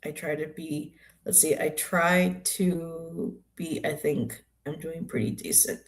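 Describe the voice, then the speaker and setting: A woman's voice: low-pitched, fairly even intonation, slow. An older woman hosting a tarot livestream, chatting casually and greeting viewers by name.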